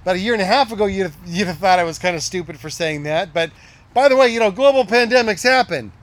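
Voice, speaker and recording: A middle-aged man preaching a sermon as a pastor, emphatic and repeating his key lines, dropping to a hush at times. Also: high voice, expressive, fast.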